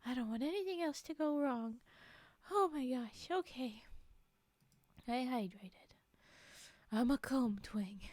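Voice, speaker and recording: A woman with a high-pitched voice streams live from a home setup on a desk microphone, with no room sound. She chats casually and rambles, giggling often and teasing herself.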